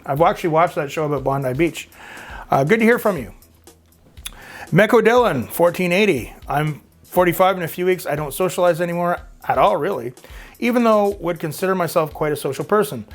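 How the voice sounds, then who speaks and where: A man's voice: on the high side, lively intonation, brisk, soft background music. A Canadian man in his fifties hosting his own channel, chatting casually and rambling a little as he reads out viewer comments. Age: 50s. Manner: rambling, chatty, frequent filler words. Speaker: YouTube host.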